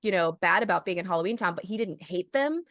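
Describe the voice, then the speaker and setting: A woman's voice: fairly low pitch, quick pace, no echo, studio quality. A woman co-hosting a podcast, animatedly recapping a film in casual chat. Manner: animated storyteller, recapping scenes with laughter. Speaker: podcast co-host.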